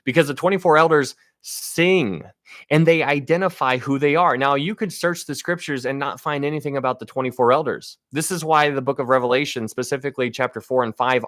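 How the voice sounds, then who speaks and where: A man's voice: a little high, fairly bright tone, no echo, studio quality. A man giving a casual Bible teaching on a livestream, speaking to viewers with enthusiasm and frequent restarts.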